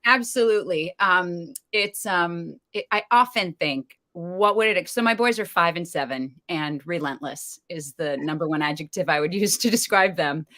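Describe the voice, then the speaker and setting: Bright-voiced woman telling lively stories. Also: on the low side, moderate pace, few pauses. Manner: animated storyteller, laughs often, lots of ums. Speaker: stage actress, guest. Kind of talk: casual interview chat.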